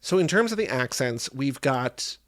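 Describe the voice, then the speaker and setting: A man co-hosting a podcast in casual chat, animated and acting out his own reactions. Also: mid-range voice, moderate pace, no room sound, clean studio sound. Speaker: podcast co-host.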